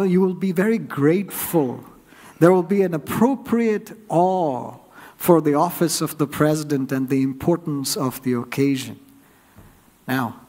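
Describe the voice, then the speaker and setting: A male pastor delivering a sermon in a conversational, questioning way, his voice sitting a little higher than most men's. He slips into quick acted-out lines for husbands and wives, lifting his voice for them. The talk is relaxed and direct, speaking from a church sanctuary. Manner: conversational preaching with rhetorical questions; acts out quoted spouses in raised voice.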